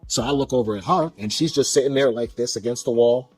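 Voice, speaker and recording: Fast-talking man telling a story. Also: mid-range voice, soft background music. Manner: fast, animated retelling with quoted dialogue. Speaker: interviewee telling a personal story. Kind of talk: casual storytelling.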